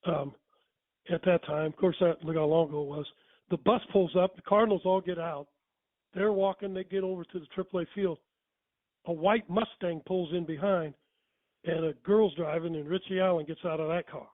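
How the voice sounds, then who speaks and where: The voice of an older man, pitched fairly high, rambles through a folksy yarn and keeps restarting his sentences. It comes through thin and phone-like, with a bone-dry sound. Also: fairly even intonation, normal speed, no echo. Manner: rambling, folksy, starts over mid-sentence. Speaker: guest storyteller. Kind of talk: casual anecdote telling.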